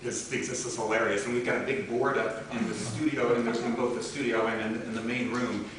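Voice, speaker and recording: A man's voice: mid-range voice, brisk. A man, a record producer, telling a funny story from his career in a casual way, often laughing and quoting people. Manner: animated, laughing often, quotes voices. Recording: roomy, distant mic, noisy background.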